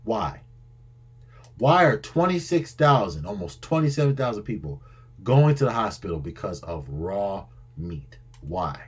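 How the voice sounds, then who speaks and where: A man hosting a reaction video, talking in an exasperated, animated way, often repeating himself and tripping over his words. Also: fairly low pitch, a little slow, slightly rough.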